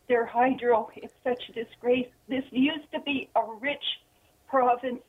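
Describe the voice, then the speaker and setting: A woman's voice: on the high side, fairly even intonation, unhurried, breathy edge. An upset woman calling in to a radio talk show, trembling and close to tears as she speaks with indignant passion. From Ontario. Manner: impassioned, indignant. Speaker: caller. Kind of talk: call-in radio. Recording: phone line.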